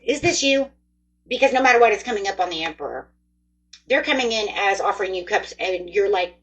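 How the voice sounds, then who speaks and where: A woman giving a casual tarot reading, chatty and excitable, talking straight to her viewers. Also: mid-range voice, brisk, slightly rough, rough recording. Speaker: tarot reader.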